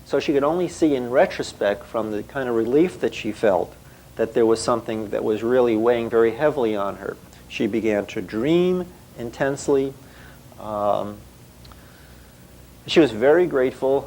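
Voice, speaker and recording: A man's voice: medium pitch, normal speed, a little mellow, poor audio. A male psychotherapist recounting a clinical case as a story and acting out the dialogue.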